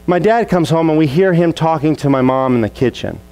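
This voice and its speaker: A man preaching a sermon as a pastor, telling a childhood story and acting out the family scenes in lively voices. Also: a little high, a little fast, clear, resonant tone, poor audio.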